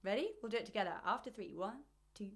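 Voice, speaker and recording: A woman leading a choir's vocal warm-up over a video call, explaining with playful images and chatty asides. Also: medium pitch, fast talker. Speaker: vocal coach.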